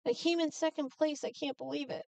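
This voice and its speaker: A vain biker-babe sister, blunt and boastful, as a woman puts her on. The voice sits high and a little distant from the mic, in a dry room. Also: steady tone, fairly quick, creaky, dark tone, no echo. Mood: indignant. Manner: blunt, boastful, self-absorbed.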